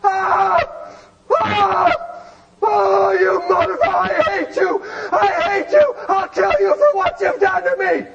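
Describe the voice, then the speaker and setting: A man's voice: very high-pitched, slow pace, vocal fry, raised voice, far from the mic, lo-fi sound, voice pushed up, exaggerated voice. A man putting on a shrieking enraged woman. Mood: screaming rage. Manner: shrieking, cursing. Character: screaming woman in labor, furious.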